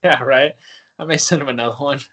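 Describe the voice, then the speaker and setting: A man guests on a podcast, chatting casually and telling prank stories with lots of laughter while acting out other people's lines in quoted voices. His voice is mid-range and fairly bright, and he talks a little fast.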